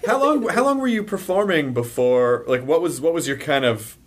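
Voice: mid-range voice, lively intonation, moderate pace. A podcast host in casual chat, asking questions and joking around. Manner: playful, jokey interviewer.

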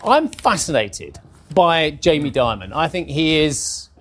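A man in his fifties presenting a live markets rundown, chatty and animated, talking straight to viewers. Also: a little high, measured pace.

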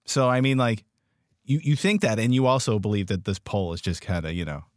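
A man's voice: on the low side, brisk, no echo. Dry, teasing podcast co-host man. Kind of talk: casual chat.

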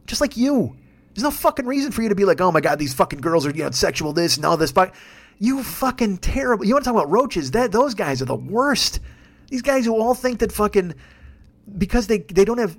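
A man in his fifties hosting a solo podcast, ranting bluntly and heatedly with constant swearing. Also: sits high. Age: 50s. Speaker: podcast host.

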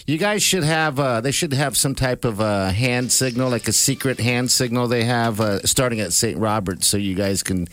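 A man co-hosting a radio morning show, jokey and quick with interjections. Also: mid-range voice, a bit bright, slight background noise. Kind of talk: casual radio chat.

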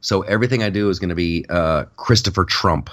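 A man's voice: low-pitched, fairly quick, fairly bright tone. A man, a stand-up comedian hosting a podcast, rambling through a casual comedic rant with many restarts, short on sleep. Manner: rambling, repeats words, restarts.

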